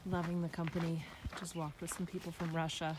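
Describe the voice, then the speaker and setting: This travel vlogger talks briskly into her handheld phone while out on a rural trail during a long-distance walk, cheerful and quick to laugh. Her voice is on the low side with a level tone, and background noise is audible.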